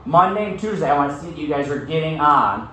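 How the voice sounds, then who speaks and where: A man's voice: a little high, expressive, fast, a bit bright, a little hiss or hum. Echoey, distant male teacher reading aloud. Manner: casual, checks in with frequent "okay?". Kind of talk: reading aloud and class discussion. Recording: very echoey room, far from mic.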